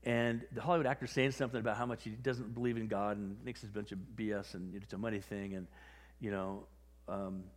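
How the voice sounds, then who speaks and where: A man preaching a sermon in a conversational, animated way, often acting out quoted voices. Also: medium pitch, big-room sound. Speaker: pastor.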